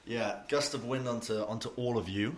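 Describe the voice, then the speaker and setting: A man's voice: medium pitch, moderate pace. A man acting as game master, narrating a tabletop game in a casual, joking way. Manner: casual, jokey, switching into loud villain shouts.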